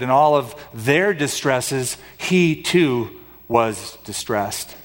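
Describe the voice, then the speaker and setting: A man preaching a sermon in a dramatic style, asking the congregation rhetorical questions. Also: mid-range voice. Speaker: pastor. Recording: long hall reverb.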